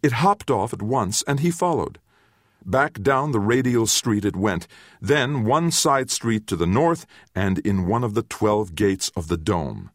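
Deep, slow-reading male narrator. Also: no room sound, studio quality. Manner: measured storytelling with expressive, varied intonation. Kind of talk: audiobook narration.

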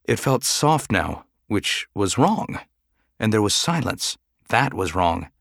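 A man giving measured, dramatic audiobook narration. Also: on the low side, sing-song, creaky, a bit bright, no echo, clean studio sound.

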